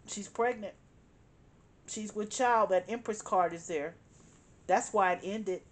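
A woman's voice: mid-range voice, slow pace, pauses often. A woman tarot reader talking straight to the listener, emphatic and repeating her points as she reads the cards. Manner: emphatic, repeats phrases, addresses the listener directly. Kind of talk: tarot reading monologue.

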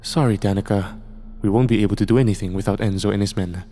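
A man's voice: lowish voice, fairly even intonation, fast, dark tone, faint music behind, natural voice. A man voicing a level-headed male archaeologist friend who speaks easily and reassuringly. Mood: easygoing. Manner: easygoing, reassuring.

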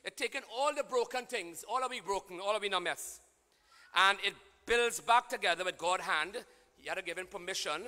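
Man, priest, sermon, bright ringing voice, call-and-response, long church reverb. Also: high voice, fairly quick. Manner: call-and-response preaching, swings from quiet to shouting.

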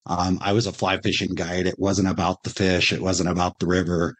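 A man's voice: sits low, little pitch movement, fairly quick, slightly rough. A man hosting a travel interview, asking long, loose questions full of fillers. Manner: friendly, rambling questions with fillers. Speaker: podcast host.

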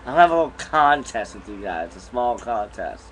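A man's voice: mid-range voice, sing-song, moderate pace, fairly bright tone, slight background noise, poor audio. A young man casually vlogging from a bedroom at home, rambling in an easygoing way while chewing gum, recorded on a camera mic. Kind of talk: casual vlog chat.

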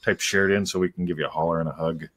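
A man's voice: low-pitched, rapid-fire. A man co-hosting a casual live-streamed show, joking and laughing often as he chats with viewers. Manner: lively, jokey, laughs often. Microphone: computer webcam.

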